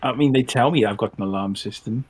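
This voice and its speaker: Deadpan man, husky voice. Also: lowish voice, fast talker. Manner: dry, deadpan quips. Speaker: podcast co-host. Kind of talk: casual watch-along chat.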